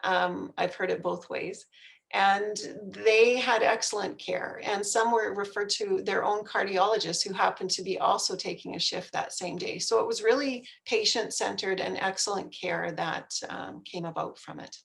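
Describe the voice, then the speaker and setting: Gravelly-voiced woman answering questions. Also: medium pitch, steady tone, normal speed, fairly bright tone, poor audio. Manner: explanatory, hesitant with fillers. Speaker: health care speaker.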